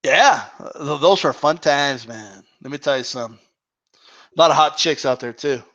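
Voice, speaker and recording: A man with a high voice hosts a casual live Q&A stream. He rambles loosely and swears freely, and the sound is dull and lo-fi. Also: moderate pace, a bit bright. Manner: rambling and profane.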